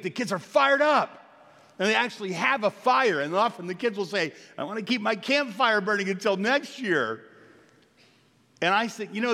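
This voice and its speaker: A middle-aged male pastor preaching a sermon to his congregation, telling stories with jokey asides and swinging from quiet to loud. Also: high voice. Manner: storytelling, jokey asides, animated swings in volume. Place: church sanctuary. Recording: long hall reverb.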